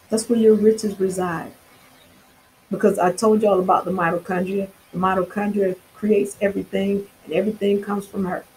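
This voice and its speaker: A woman speaks to her viewers in a fervent, preachy spiritual monologue. Her voice sits at a middle pitch, and her talk is loose and slangy, full of restarts. It feels like a self-recorded vlog message. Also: warm tone, a little hiss or hum, poor audio. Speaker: spiritual vlogger.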